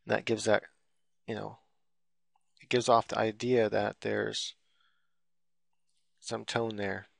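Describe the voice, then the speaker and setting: A man's voice: on the low side, little pitch movement, slow pace, creaky, no room sound, clean studio sound. A man giving a casual, rambling drawing tutorial while he works on screen, full of fillers and loose explanations. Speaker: drawing instructor.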